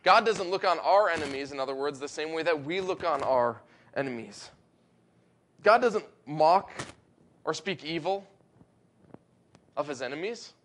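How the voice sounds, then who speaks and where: Male pastor, high voice, earnest preaching with emphatic build-ups and weighty slowdowns. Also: animated, a bit bright, a little hiss or hum. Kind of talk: sermon.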